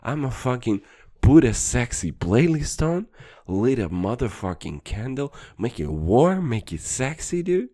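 A man's voice: mid-range voice, sing-song, unhurried, dark tone. A man hosting a podcast, rambling through a crude, profane, boastful comedy rant. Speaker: podcast host.

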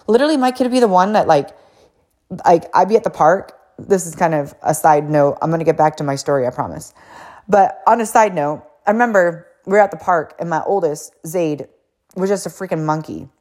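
A woman with a fairly low voice hosts her own podcast, spinning a casual story. Her pitch leaps and dips expressively as she talks. She is blunt, swears casually, peppers her speech with "like" and wanders into side notes. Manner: blunt and animated, swears casually, acts out quotes; frequent "like" fillers, digresses. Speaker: podcast host and coach.

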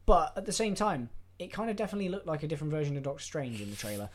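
Relaxed man reading out notes. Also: on the high side, racing, crowd noise. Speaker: podcast co-host. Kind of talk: casual chat.

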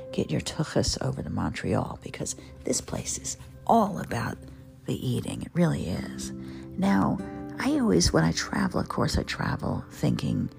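A woman's voice: extremely low pitch, gravelly. A woman from New York chatting playfully about food and travel, with lots of asides. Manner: gabby, playful, digressive with asides. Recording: music playing behind the voice.

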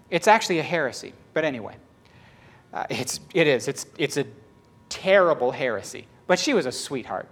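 Animated preacher, higher-pitched man. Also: fairly quick. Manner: animated, conversational, emphatic. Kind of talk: sermon.

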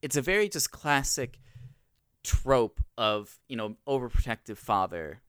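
A man's voice: mid-range voice, very animated, measured pace, a bit bright, clean tone, no room sound, studio quality. A man co-hosting a casual podcast conversation, talking through a TV episode with frequent fillers and hedges. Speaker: podcast co-host. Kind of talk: casual chat.

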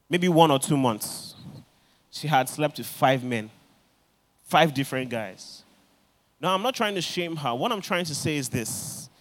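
This preacher's voice sits fairly high as he works through his sermon. He tells stories with lots of energy, performing the voices of each person in them.

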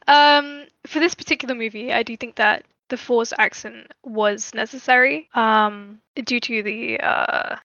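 Bright young woman on a dull dry mic. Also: a little high, no echo. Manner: earnest, hedging with "I think" and "for me". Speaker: podcast co-host. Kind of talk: casual opinion chat.

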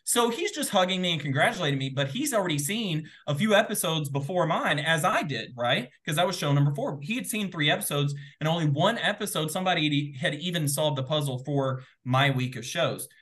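A fairly high-voiced man retells an exciting moment as a guest in a casual interview. He talks in an excitable, animated rush, stacking up fillers and little asides as he goes. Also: fairly quick, few pauses. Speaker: guest, former game show contestant.

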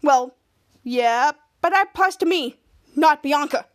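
A woman's voice: high voice, measured pace, no room sound, studio quality. A woman voicing a jealous teenage boy who sounds whiny and indignant.

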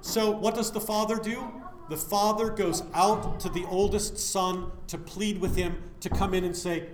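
High-voiced man preaching in an echoey room. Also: fairly even intonation, measured pace, few pauses, noisy background. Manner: asks the listeners questions and answers them himself. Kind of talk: sermon.

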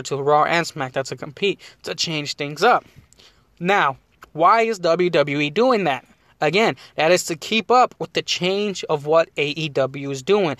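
A man hosts a casual podcast, his voice sitting a little higher than most men's. He rambles in an animated way and laughs often. The recording is dry and close, with no room sound. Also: no echo. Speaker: podcast host. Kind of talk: casual wrestling chat.

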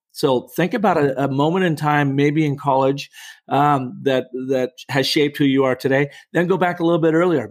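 Emphatic, persuasive middle-aged man. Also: on the high side. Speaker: storytelling coach and guest. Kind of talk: energetic podcast interview.

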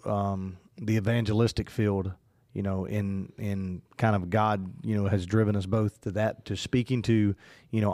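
A man talks through a casual podcast chat, circling his point with plenty of fillers and restarts. His voice sits a little low, and it is recorded close and dry in a small studio. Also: darkish tone, dry recording. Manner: rambling, many fillers and restarts. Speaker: podcast co-host.

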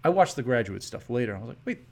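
A man's voice: medium pitch, lively intonation, rapid-fire, creaky, crowd noise. A man from Chicago hosting an interview, enthusiastic and laughing often as he chats. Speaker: host. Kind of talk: casual interview chat.

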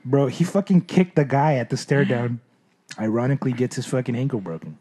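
A man's voice: medium pitch, brisk, dark tone, husky. A young man, telling stories in loose, profane casual chat.

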